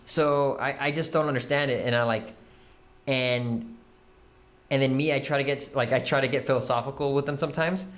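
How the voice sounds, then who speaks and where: A man's voice: mid-range voice, normal speed. Rambling, profane young man telling stories. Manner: rambling, profane, animated storytelling. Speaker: podcast co-host. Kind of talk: casual chat.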